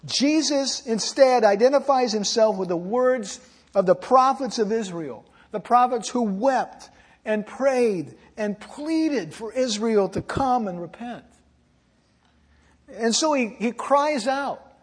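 Pastor, male, high voice, earnest pleading sermon, church reverb. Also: animated, slightly rough. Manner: earnest, pleading, slows for emphasis. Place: church sanctuary. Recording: long hall reverb.

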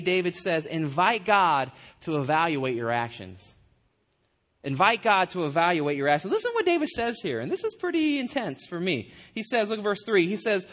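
A man delivers a sermon in an easygoing, conversational way. His voice sits fairly high for a man. He asks rhetorical questions and jokes at his own expense. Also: fairly bright tone. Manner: conversational preaching, rhetorical questions, self-deprecating humor. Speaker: pastor.

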